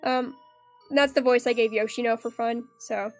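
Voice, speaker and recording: A woman's voice: a little high, steady tone, normal speed, faint music behind. A young adult woman streaming a horror game, chatting casually and rambling with many fillers.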